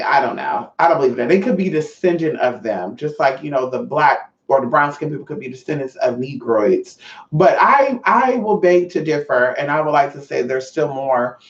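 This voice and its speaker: Woman, livestream host, brassy and profane, says honey a lot, roomy echo, muffled lo-fi sound. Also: sits low. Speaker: livestream host reading chat. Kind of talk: casual livestream chat. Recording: roomy, distant, dull lo-fi mic.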